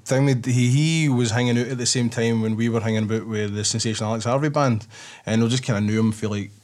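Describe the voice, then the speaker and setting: A man's voice: medium pitch, steady tone, quick pace, darkish tone. Scottish male host, mid-range voice, loose and sweary anecdote teller. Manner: swearing, laughing storyteller. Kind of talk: casual anecdote telling.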